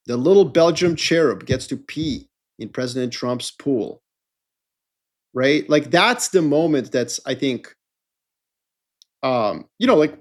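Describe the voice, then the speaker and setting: A middle-aged man co-hosting a podcast in a casual, rambling, jokey chat. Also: medium pitch. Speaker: podcast co-host.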